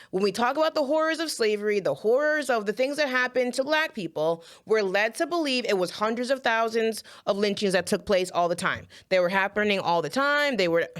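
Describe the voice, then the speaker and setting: A woman's slightly high, somewhat bright voice carries impassioned commentary aimed right at her viewers. Earnest and emotional, she repeats phrases while holding back tears.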